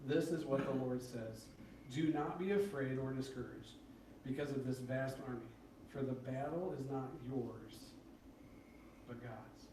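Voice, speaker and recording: Casual preacher in an echoey church. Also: male voice, measured pace, distant mic, noisy background. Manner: conversational, acts out prayers with rising excited pitch. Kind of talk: sermon. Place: church sanctuary.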